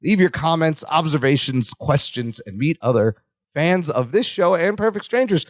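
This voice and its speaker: Guy with a pretty high voice cohosting a podcast, laughing a lot, cutting in mid-sentence, dry close mic. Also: animated, moderate pace, no echo. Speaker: podcast co-host. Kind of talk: casual chat recapping a sitcom episode.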